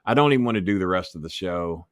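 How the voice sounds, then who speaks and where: A man's voice: deep voice, fast talker, no echo, clean studio sound. A man as an interview guest, telling stories full of swearing and imitating the people in them. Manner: animated, swearing, mimics others in quotes. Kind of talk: profane anecdotal storytelling.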